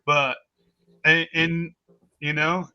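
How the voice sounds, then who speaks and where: Male storyteller, high and bright-edged, profane and unpolished, muffled lo-fi sound. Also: level tone, drawn-out words. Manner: blunt, heavy cursing, rambling restarts. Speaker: storyteller on a talk stream. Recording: dull lo-fi recording.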